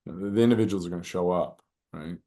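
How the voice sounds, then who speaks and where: Lower-voiced man telling heartfelt stories. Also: quick pace. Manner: animated, acts out shouted quotes, many "you know" fillers. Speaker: guest. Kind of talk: reflective storytelling in conversation.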